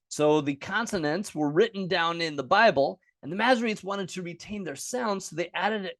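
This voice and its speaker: A man's voice: on the high side, no room sound, clean studio sound. Casual man teaching with many fillers. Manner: casual, many fillers and self-corrections, explaining step by step. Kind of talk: unscripted lesson at a chart.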